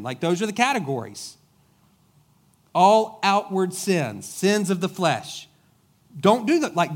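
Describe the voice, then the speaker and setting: A middle-aged man preaching a conversational sermon as a pastor, casual and joking, telling stories in plain everyday speech. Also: high voice. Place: church sanctuary.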